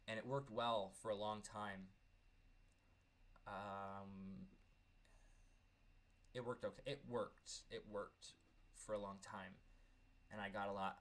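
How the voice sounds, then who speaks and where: Guy in his 30s vlogging his own story, kinda low voice, earnest, trips over his words a lot. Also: a bit bright. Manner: earnest, candid, stumbling over repeated words. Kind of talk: personal storytelling vlog.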